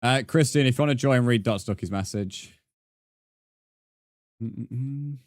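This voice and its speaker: A young man streams a game and talks through his chat at a measured pace, reading messages and answering them with frequent laughs. His mid-range voice comes through dry and studio-quality.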